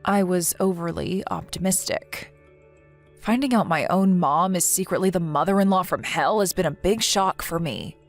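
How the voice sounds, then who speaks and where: A woman's voice: on the low side, moderate pace, soft background music, natural voice. A woman voicing a caring, outspoken young woman who talks firmly and reassuringly, in a text-message story reading. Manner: firm and reassuring.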